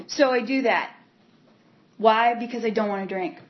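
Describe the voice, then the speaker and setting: A woman giving a candid personal testimony about her recovery, talking in a halting way with many repeats and fillers. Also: fairly high pitch. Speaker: speaker sharing her recovery story. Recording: dull lo-fi recording.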